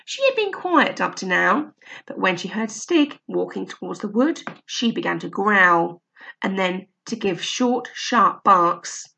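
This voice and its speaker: A woman reading a children's story aloud in a steady, expressive way. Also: mid-range voice, a little slow, vocal fry. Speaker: narrator.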